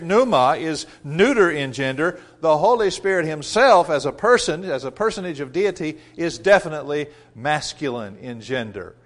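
A man delivering a sermon in a fairly high voice. He reads scripture with rising force and slows for emphasis, then drops his voice low for rhetorical questions to the congregation. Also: animated. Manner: drops to quiet rhetorical asides. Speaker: preacher.

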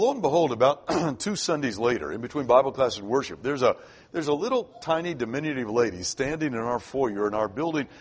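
A man's voice: mid-range voice, husky. An older man preaching a sermon, telling a personal story in a conversational way and often restarting his sentences. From Florida. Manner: conversational, repeats words when starting sentences.

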